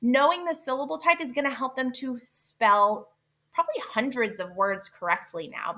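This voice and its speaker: A woman teaching other teachers about syllable types, patient and clear, sounding out word parts slowly and asking rhetorical questions. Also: on the high side, bright, forceful tone. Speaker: literacy teacher trainer. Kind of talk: instructional explainer video.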